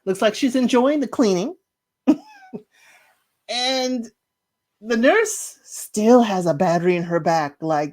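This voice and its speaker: A woman's voice: medium pitch, expressive, slow pace, pauses often, a little mellow. A woman casually recapping a TV series, acting out the characters' lines with big swings in her voice. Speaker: podcast host recapping a TV series.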